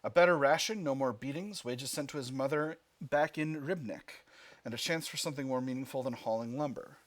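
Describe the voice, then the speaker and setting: A man's voice: mid-range voice, a little fast. A man hosting a gaming video, reading the game's text aloud and thinking through his choices with fillers and restarts. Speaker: gaming channel host. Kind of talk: let's play commentary, reading game text aloud.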